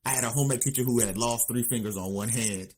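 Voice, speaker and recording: A man co-hosting a podcast, telling stories in casual chat with quick interjections. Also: mid-range voice, slight background noise. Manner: expressive, quick agreeing interjections, storytelling. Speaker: podcast co-host.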